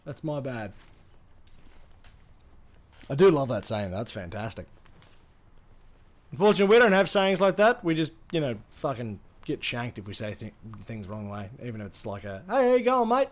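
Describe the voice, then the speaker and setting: A man's voice: medium pitch, sing-song, normal speed, pauses often. A young Australian man streaming a game, rambling and swearing casually as he answers chat between plays. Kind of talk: casual gaming livestream chat.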